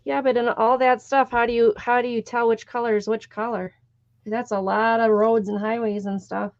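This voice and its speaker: A woman's voice: a little high, flat delivery, normal speed, no echo, lo-fi sound. A woman on a live vintage sale showing a map she is selling in a casual, easygoing way. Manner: casual, easygoing, unsure about pronunciations.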